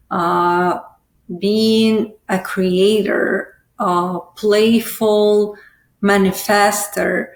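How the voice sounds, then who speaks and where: Slow, hesitant woman podcast host. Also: mid-range voice. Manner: hesitant, with many "uh" and "um" fillers. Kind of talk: casual podcast interview. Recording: echoey room.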